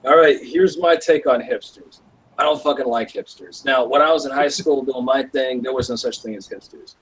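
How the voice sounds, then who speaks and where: A man hosting a live stream, talking in a laid-back, profane, slangy way with a husky voice. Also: medium pitch, moderate pace, a bit bright, poor audio. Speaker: stream host. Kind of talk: casual chat.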